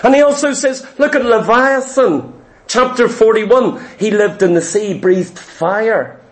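A man's voice: high voice, animated, a little slow. A man preaching a sermon, emphatic and full of repeated rhetorical questions.

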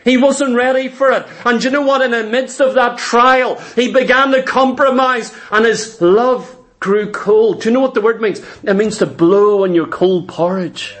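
High-voiced preacher, fervent. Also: male voice, normal speed, few pauses, fairly bright tone. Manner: fervent, emphatic, repeats for stress. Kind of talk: sermon.

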